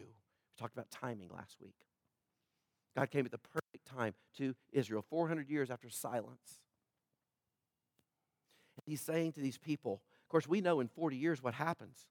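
A man preaching a sermon as pastor, swinging from loud emphatic peaks to quiet, slow scripture reading. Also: medium pitch, dry recording, studio quality.

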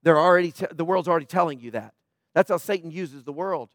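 A man's voice: fairly high pitch, quick pace, fairly bright tone, dry recording, clean studio sound. A man preaching a sermon in church, urgent and emphatic, driving his points home through repetition. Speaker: pastor.

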